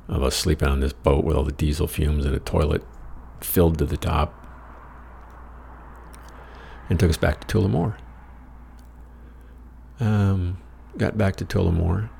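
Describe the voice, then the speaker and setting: Casting: American man, very low gravelly voice, wry profane storyteller, faint hiss behind. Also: darkish tone. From United States. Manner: wry, profane, rambling with self-mocking asides. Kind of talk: casual personal storytelling.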